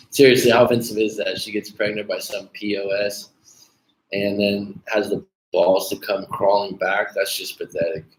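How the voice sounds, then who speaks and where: A man's voice: fairly low pitch, fairly even intonation, a little slow. Blunt, profane man in an echoey room. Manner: blunt, profane, casual, calls viewers dude. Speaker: dating coach livestream host. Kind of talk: casual livestream chat reading viewer comments. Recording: echoey room with faint background noise.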